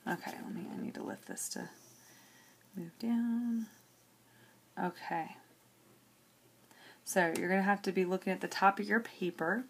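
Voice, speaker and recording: A woman's voice: mid-range voice, unhurried, long pauses, a little hiss or hum. A woman teacher working through a logic example on paper, explaining each step and checking in with "okay" as she goes.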